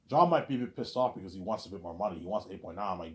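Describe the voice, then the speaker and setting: A man with a low voice rambles through a casual vlog monologue, circling back on his points and leaning on the same stock phrases. His voice rings off the walls of an echoey room. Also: animated, rapid-fire, few pauses. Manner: rambling and repetitive, lots of "obviously" and "you know what I'm saying". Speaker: vlogger. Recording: roomy echo.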